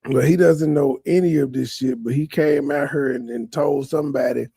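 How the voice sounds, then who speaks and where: A man's voice: medium pitch, steady tone, moderate pace, gravelly, dark tone, husky, no room sound. A man commenting sarcastically over someone else's stream, mocking the story. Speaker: livestream commentator.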